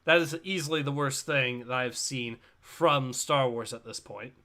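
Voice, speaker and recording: A man co-hosting a casual livestream, reading viewer comments aloud in a dry, flat way. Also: mid-range voice, a little slow. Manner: reads chat messages in a flat, dry tone. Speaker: co-host reading a comic on a livestream.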